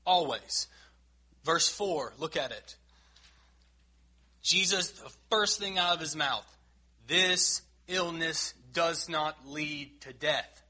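Guy preaching a sermon, kinda high voice, husky, earnest and emphatic. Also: slow pace. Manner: earnest, emphatic, swings between loud and quiet.

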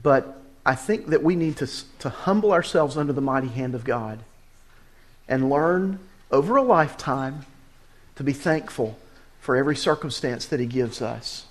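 A male pastor preaching a sermon, reading quoted story passages aloud with lively emphasis and then addressing the congregation directly. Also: mid-range voice, normal speed.

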